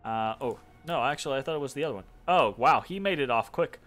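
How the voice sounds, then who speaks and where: A man's voice: mid-range voice, animated, fast talker, a bit bright, faint music behind. A man casually commentating his own strategy game turn, rambling, correcting himself and making wry asides. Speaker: let's play commentator.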